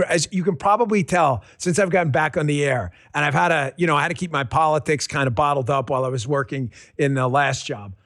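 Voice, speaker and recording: High-pitched ranting male talk host. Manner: ranting, sarcastic, repeats punchlines for emphasis; talks straight to his audience and crew. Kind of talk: political talk show monologue.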